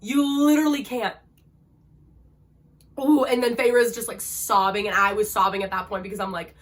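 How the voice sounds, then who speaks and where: A woman's voice: a little high, moderate pace, a little hiss or hum. Young woman gushing emotionally about books. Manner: gushing and emotional, full of fillers, dramatic. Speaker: book reviewer. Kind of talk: casual chat about books.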